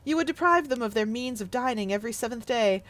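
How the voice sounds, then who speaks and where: A woman's voice: on the high side, lively intonation, fast, fairly bright tone, no echo. A woman reading a story aloud, voicing a grumpy old male miser who argues and questions. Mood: arguing. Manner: questioning, arguing.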